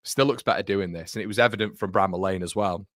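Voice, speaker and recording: Low-voiced and quick, this man hosts a fan livestream in a fairly bright tone, reading out viewer comments and chatting casually. He rambles, self-corrects, and addresses his audience as "mate," all in studio-quality audio with no room sound.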